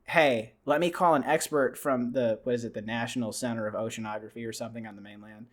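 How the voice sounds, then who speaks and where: A man's voice: medium pitch, fairly even intonation, fast talker. A young man hosting a podcast, rambling casually through a movie recap and acting out the characters' lines. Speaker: podcast host. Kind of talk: casual movie review chat.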